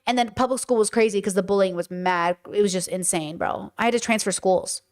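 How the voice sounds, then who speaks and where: A woman hosting a casual livestream, talking to her chat in a blunt, animated way and swearing freely. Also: medium pitch, fairly quick. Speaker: streamer host.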